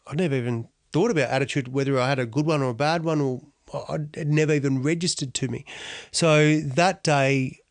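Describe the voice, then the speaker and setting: A middle-aged Australian man speaks candidly as an interview guest. His voice sits at a medium pitch, and his talk is blunt and slangy, with frequent asides. The sound is close and dry. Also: no room sound. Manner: blunt, slangy, down-to-earth, frequent "you know". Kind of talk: candid personal storytelling.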